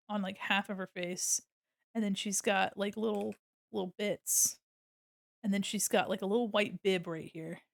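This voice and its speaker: A woman's voice: mid-range voice, gravelly, no room sound, clean studio sound. A woman streamer chatting casually while she draws, giggly and gushing, breaking into laughter often. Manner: gushing and affectionate. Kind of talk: casual livestream chat while drawing.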